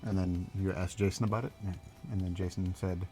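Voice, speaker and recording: A man's voice: low-pitched, steady tone, brisk, mellow, faint music behind. A man in his thirties hosting a livestream, telling family stories in a laid-back way with frequent chuckles. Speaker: livestream host. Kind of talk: casual storytelling on a livestream.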